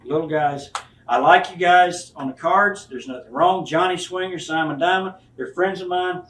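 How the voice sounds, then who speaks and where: In a high-pitched, a bit bright voice at a moderate pace, a retired wrestler in his fifties bluntly and profanely recounts stories in a candid interview, acting out those he quotes. Sound is echoey, the mic distant, with a faint hiss.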